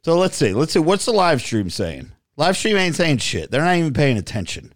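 A man's voice: fairly high pitch, big pitch swings, normal speed. A man co-hosting a podcast, talking brashly to the live stream, swearing and joking. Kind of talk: casual chat.

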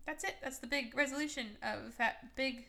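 Brief: young woman podcast host, high and bright, sarcastic casual movie recap. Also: gravelly. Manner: chatty, sarcastic, full of fillers and quick quoted voices.

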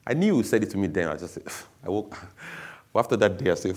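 A man's voice: low-pitched, expressive, brisk. A man giving a candid, emotional personal testimony to an audience, speaking bluntly.

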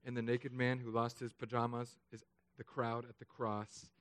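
A man preaching a sermon, telling stories with jokes and playful asides that turn hushed and solemn. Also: medium pitch, normal speed, clean tone. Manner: animated, joking storytelling with hushed, solemn turns. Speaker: pastor.

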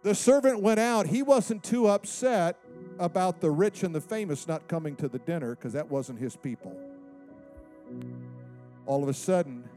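A male pastor preaching with lively, theatrical energy and slipping into the voices of the people he quotes. His voice sits high for a man but has a soft, mellow tone. Faint music plays quietly behind him. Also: moderate pace. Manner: animated, acts out quoted voices. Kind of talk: sermon.

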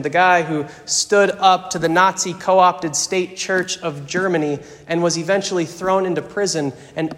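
A man preaching a sermon in measured, rhythmic lists, at times dropping to a hushed voice. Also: high-pitched. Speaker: pastor. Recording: long hall reverb.

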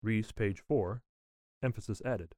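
A man reading a written nonfiction text aloud in a measured, deliberate way, speaking the citations and quote marks as he goes. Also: lowish voice, darkish tone, dry recording, studio quality.

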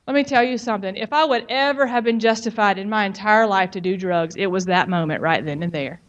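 Woman, middle pitch, frank testimony speaker, conversational with emphatic asides, muffled audio. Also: a little fast. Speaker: speaker giving a personal testimony. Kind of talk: personal testimony talk.

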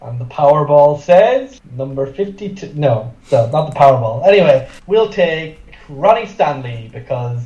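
A man joining a podcast chat with dry, deadpan jokes. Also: a little high, normal speed, reverberant, highs cut off. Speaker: podcast panelist. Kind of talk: casual joking chat.

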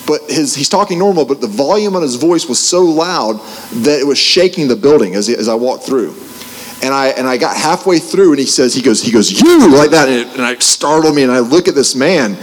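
Guy preaching a story, lively with lots of restarts and jokes, long echoey hall sound, mid pitch. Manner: animated, restarts, jokey asides. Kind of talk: personal testimony story.

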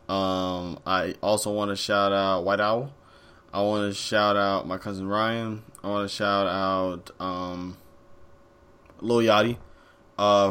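A man's voice: lowish voice, fairly bright tone, smooth. A young man co-hosting a casual podcast, laid-back and slangy with casual profanity. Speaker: podcast co-host.

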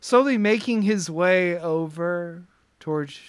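A man runs a tabletop game as its game master, his voice high and smooth. He halts often, filling gaps with uhs and starting sentences over. The recording is dry and close. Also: takes it slowly, no room sound. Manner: many filler sounds and restarts, laughs often.

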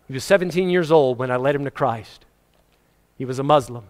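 A man's voice: mid-range voice, fairly even intonation, a little fast. A male pastor preaching a sermon, telling stories with emphasis. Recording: long hall reverb.

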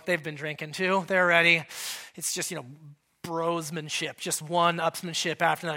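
Guy pastor preaching, bright voice, chatty and jokey, hams up the quotes. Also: high-pitched, moderate pace. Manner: conversational, joking, animated Bible teaching; acts out quoted lines with a raised voice. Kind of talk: sermon.

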